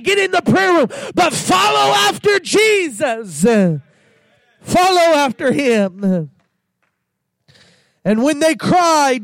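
A man preaching a sermon in a very high, gravelly voice. He keeps an unhurried pace, swells into shouted bursts and drops "uh" between his phrases. The sound is dry and close. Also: no room sound. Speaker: pastor.

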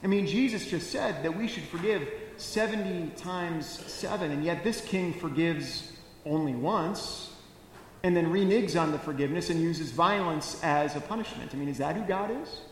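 Pastor guy preaching, kinda high voice, jokey and animated, big echoey church with a little hiss. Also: normal speed. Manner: animated, wry storytelling with comic asides. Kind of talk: sermon. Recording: echoey church hall with faint noise.

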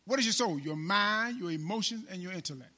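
High, bright-voiced man preaching. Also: lively intonation, a little fast. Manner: call-and-response preaching, repeats phrases, rises and drops in volume. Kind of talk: sermon.

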